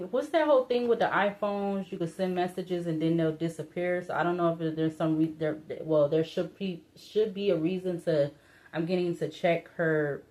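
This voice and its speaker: A woman with a low, darkish voice reads tarot cards in a casual, musing way. The tarot reader hesitates often, using fillers and restarting her sentences, and her voice breaks up a little.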